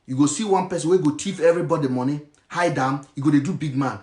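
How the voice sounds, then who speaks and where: A man with a Nigerian accent speaks with heated passion, slipping into Pidgin. His voice sits high for a man. The room around him rings with echo. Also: quick pace, a little mellow. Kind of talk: impassioned monologue.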